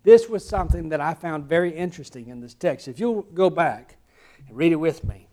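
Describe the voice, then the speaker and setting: High-voiced Southern preacher. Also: male voice, animated, a little fast. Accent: Southern American. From American South. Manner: swings from quiet asides to loud emphatic preaching. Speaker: pastor. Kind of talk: sermon.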